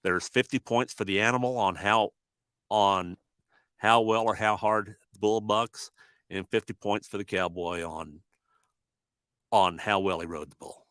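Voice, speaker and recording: An older man hosting a podcast, explaining things in a measured, plain way. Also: lowish voice, fairly bright tone, clear, resonant tone, no echo. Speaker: podcast host, pilot. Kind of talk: casual conversation.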